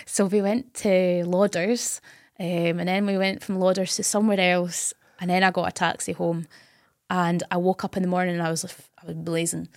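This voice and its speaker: Highlands woman, radio presenter, animated storyteller, dry close mic. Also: moderate pace, no echo. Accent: Scottish Highlands. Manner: animated storytelling, laughs often. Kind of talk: casual podcast chat.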